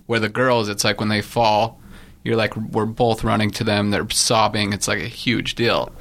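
A man's voice: lowish voice, fairly even intonation, moderate pace, fairly bright tone. A young man, a podcast guest, telling stories in a laid-back way with lots of fillers. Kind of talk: casual chat.

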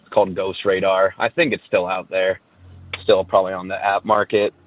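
A man tells a rambling story over a tinny phone line, with plenty of uhs and anyways. His voice sits a little low. The sound is dry and boxed-in. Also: flat delivery, moderate pace, no room sound. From Southern California. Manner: rambling storyteller, many fillers. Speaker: caller sharing a ghost story. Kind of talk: casual recorded voice message.

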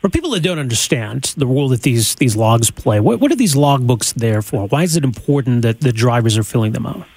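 A man's voice: medium pitch, sing-song, fairly quick, few pauses, darkish tone. A male radio host interviewing a guest, asking prompting questions in a conversational way.

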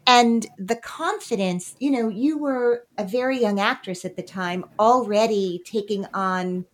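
A woman's voice: mid-range voice, measured pace. A woman hosting an interview, asking long, meandering questions peppered with "like.". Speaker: podcast host. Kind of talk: interview conversation.

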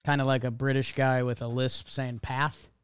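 A man's voice: mid-range voice, level tone, moderate pace, a little hiss or hum. A man co-hosting a podcast, chatting about baseball in a laid-back, wry way. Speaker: podcast co-host. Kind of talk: casual sports chat.

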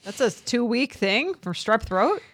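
Woman co-host, lively pitch, dry close sound, questioning, casual chat. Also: dry recording. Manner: incredulous, quick to question. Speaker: podcast co-host.

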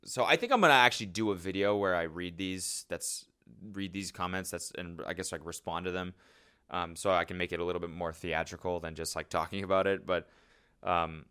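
A man in his twenties hosting a podcast alone, telling a story in a casual, profane, self-mocking way with lively animation. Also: sits low, a little fast, clear, resonant tone. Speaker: podcast host. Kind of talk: casual solo monologue.

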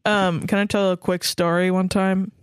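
A woman's voice: mid-range voice, level tone, moderate pace, clear, resonant tone, no room sound, clean studio sound. A young woman co-hosting a podcast, telling stories in casual, profane, self-mocking banter with frequent giggles. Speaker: podcast co-host.

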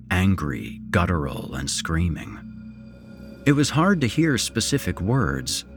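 A man narrating a horror story in a measured, dramatic storytelling manner, as host of a podcast. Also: sits low.

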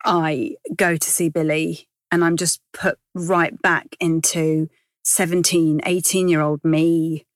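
A woman's voice: low-pitched, level tone, slow, no echo, studio quality. A woman in her forties, a comedian from Iran, talking candidly and rambling a little in a casual interview. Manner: chatty, candid, rambling with self-corrections. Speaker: comedian guest.

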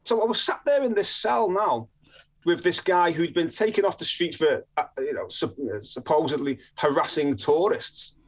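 A man from northern England telling his story as a podcast guest, lively and acting out the people he quotes. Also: a little high, normal speed. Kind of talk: storytelling interview.

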